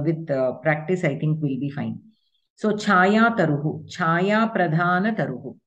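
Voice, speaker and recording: A woman teaching Sanskrit grammar in an online class, explaining patiently step by step with examples. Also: on the low side.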